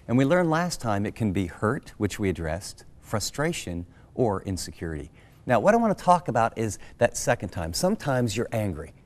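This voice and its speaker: A middle-aged American man speaks as a pastor, teaching scripture in a conversational way. His delivery is earnest and animated. He drives his points home with direct questions to the listener. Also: on the low side. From United States.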